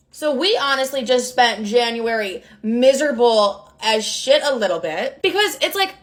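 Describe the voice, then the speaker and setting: A young woman with a slightly high voice tells casual stories to the camera. She is blunt and sarcastic and swears constantly. She plays out quoted conversations with a dramatic edge. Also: lively intonation, moderate pace, few pauses. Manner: blunt, sarcastic and heavily profane; dramatic, acts out quoted dialogue. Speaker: storytime creator. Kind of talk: casual storytime monologue.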